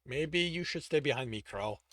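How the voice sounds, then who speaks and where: A man doing a quiet, patient mentor. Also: a little high, lively intonation, moderate pace, no room sound, clean studio sound. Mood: calm.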